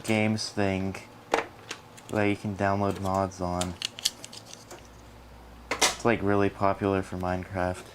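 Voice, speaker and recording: Low-voiced teasing man, noisy room. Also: completely flat delivery, takes it slowly, pauses often. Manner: teasing, dry remarks. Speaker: friend helping with the build.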